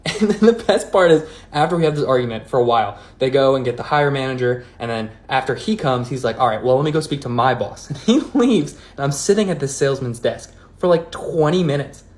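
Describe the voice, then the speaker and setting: A man casually telling a story about a car-buying ordeal, animated and incredulous. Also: mid-range voice, brisk, few pauses. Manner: animated, incredulous retelling with laughs.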